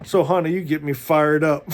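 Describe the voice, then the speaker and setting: A man with a high voice preaches at an unhurried, deliberate pace. He reads inspirational passages aloud as a spiritual teacher, fervent and exhorting toward his listeners. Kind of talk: inspirational sermon reading aloud.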